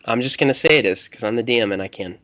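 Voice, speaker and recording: A man's voice: mid-range voice, rapid-fire, a bit bright, no room sound. A man running a tabletop game as game master, talking casually and correcting himself as he goes.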